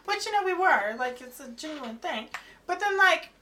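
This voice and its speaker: Woman, high voice, chatty rant, far from the mic, loud background noise. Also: lively intonation, moderate pace. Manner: chatty, ranting about work. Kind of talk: casual chat.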